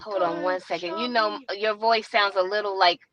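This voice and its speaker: A woman's voice: medium pitch, steady tone, normal speed, lo-fi sound, crowd noise. A woman talking as a guest on a remote call, chatty and apologetic, calling others "love" and "sweetheart.". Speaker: guest, credit repair company co-founder. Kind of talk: casual chat on a remote call. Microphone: remote call microphone.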